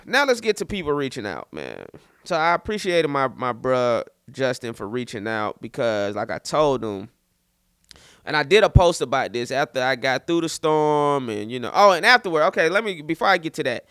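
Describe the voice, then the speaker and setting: On his podcast, a St. Petersburg, Florida comedian in his thirties tells a story in a relaxed, animated manner, repeating words and dramatizing quotes. His voice is a little high and his pace normal. The studio-quality recording is dry.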